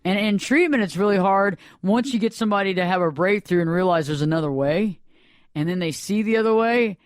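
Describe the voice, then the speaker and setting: A therapist hosts a casual radio talk, rambling and circling back as he explains. This man's voice sits high for a man. The sound is dry and close to the mic. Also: brisk, smooth, dry recording. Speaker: therapist and podcast host.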